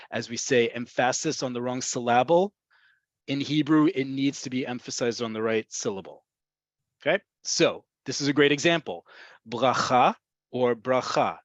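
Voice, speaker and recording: A man's voice: mid-range voice, dry recording. Man teaching a Hebrew lesson online. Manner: explains patiently, repeats key points. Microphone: video call. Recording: dry, dull video-call audio.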